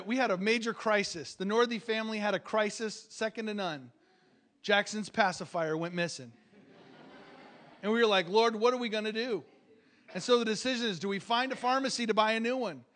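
High-voiced man preaching a sermon. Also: fairly bright tone. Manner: emphatic, calls for amens, repeats his starts. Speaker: visiting preacher. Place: church.

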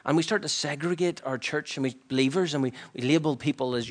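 A man preaching a sermon in an earnest, reflective way, often dropping to a hushed near-whisper. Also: fairly high pitch, fast, few pauses.

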